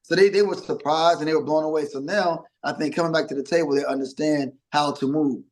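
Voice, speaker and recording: Middle-aged male musician guest, slightly high voice, animated storyteller. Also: fairly quick, rough recording. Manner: animated storyteller, acts out quotes. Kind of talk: casual interview chat.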